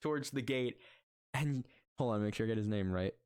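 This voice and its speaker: A man running a tabletop game as game master, narrating in a lively, fast storytelling manner. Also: medium pitch, smooth.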